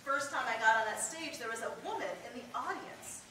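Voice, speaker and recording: A woman's voice: on the high side, fairly quick. Woman telling stories in an echoey hall. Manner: lively storyteller, jokes with the crowd. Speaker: motivational speaker. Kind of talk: live talk to a student audience. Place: large hall with an audience. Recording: echoey hall from far off, noisy.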